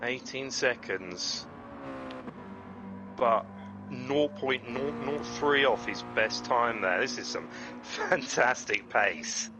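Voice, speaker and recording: A man's voice: medium pitch, slow pace, dull audio, music in the background. Chatty man calling a sim race. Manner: chatty, self-deprecating, breaks into excited exclamations. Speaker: race commentator. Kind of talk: sim racing commentary.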